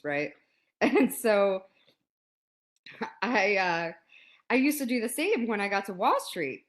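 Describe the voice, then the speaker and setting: A woman in her forties, a podcast guest telling a story in a lively, casual way and acting out quotes. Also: mid-range voice. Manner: animated, laughs often, acts out quotes.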